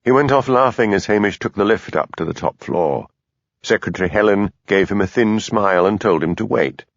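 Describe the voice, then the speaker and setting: A man narrating an audiobook in a measured, even storytelling manner. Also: fairly low pitch, no room sound, highs cut off. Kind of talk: scripted narration.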